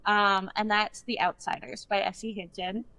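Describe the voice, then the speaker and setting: A woman from Canada co-hosting a podcast, telling stories in a lively way with frequent laughter. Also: mid-range voice, normal speed, dry recording. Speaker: podcast co-host. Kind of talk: casual chat.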